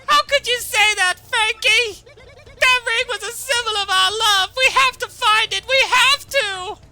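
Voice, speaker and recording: A man voicing a dramatic, clingy young mob wife in a melodramatic falsetto, reading game dialogue aloud. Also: measured pace, gravelly, sharp tone, faint music behind, exaggerated voice. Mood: pleading.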